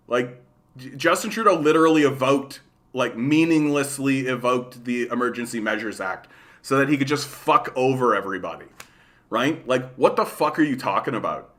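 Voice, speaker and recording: Canadian guy ranting on his stream, bright sharp voice, swears a lot, says like and right constantly. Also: medium pitch, normal speed. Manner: profane, fillers like "like" and "right?". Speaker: livestream host. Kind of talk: casual political rant.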